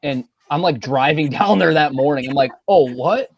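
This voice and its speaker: A man's voice: on the high side, brisk, creaky, dry recording. Guy on a podcast spinning a story, acts out what people said, laughs a lot, dry close mic. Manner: animated storyteller, acts out quotes, laughs often. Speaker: podcast co-host. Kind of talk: casual podcast banter.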